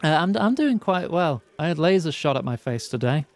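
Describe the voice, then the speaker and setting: A man's voice: a little high, a little fast, no room sound. A man streaming a game, chatting and laughing with viewers and reading ability text aloud. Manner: bursts of excited greetings to chat. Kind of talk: casual game commentary.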